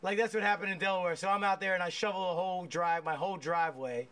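A man with a slightly high voice hosts a relaxed chat, swearing freely and laughing through his stories. He rambles, restarts his sentences and circles back to the point. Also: quick pace. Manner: profane, laughing storyteller. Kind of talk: casual chat.

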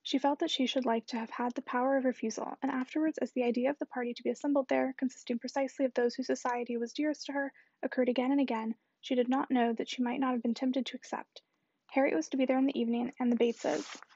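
A woman narrating a classic novel aloud in a brisk, steady reading. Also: high-pitched, breathy edge, no echo, highs cut off. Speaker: audiobook reader.

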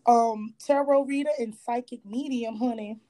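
A woman from North Carolina talking on a phone call as a podcast guest, relaxed and sassy. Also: a little high, moderate pace. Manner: sassy, relaxed, says "honey" a lot. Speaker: guest, spiritual worker and tarot reader. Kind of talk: casual podcast interview.

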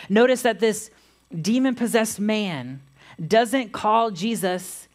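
A woman pastor giving a sermon, reading scripture aloud in a measured way. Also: medium pitch, lively intonation.

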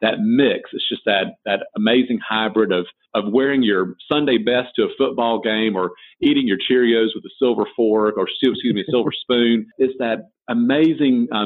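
A man with a Southern American accent, a designer and author answering interview questions in a folksy, storytelling way. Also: mid-range voice. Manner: folksy storyteller, frequent restarts. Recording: tinny phone-like line.

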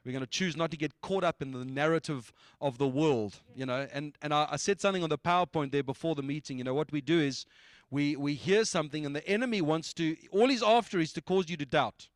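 A church leader with a fairly high voice speaks fast at a church meeting, exhorting and making announcements in a loose, conversational way. He is emphatic and repeats his phrases for emphasis. The sound is close and dry, with no room echo.

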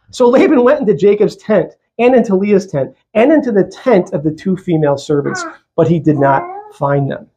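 A male pastor preaching a sermon in a church, lively and conversational, with jokey asides. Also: fairly high pitch, normal speed.

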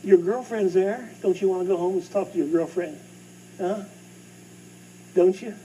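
Preacher man, loud then hushed. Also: high voice, moderate pace. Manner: lively preaching, swings between loud and hushed. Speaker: pastor. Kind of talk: sermon. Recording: distant mic with faint hum.

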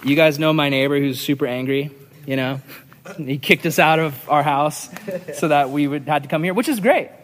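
A man preaching a sermon in an earnest, conversational way, often repeating a line for emphasis. His voice sits somewhat high for a man, and it rings with the long reverb of a large hall. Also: moderate pace, a little hiss or hum. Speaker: pastor.

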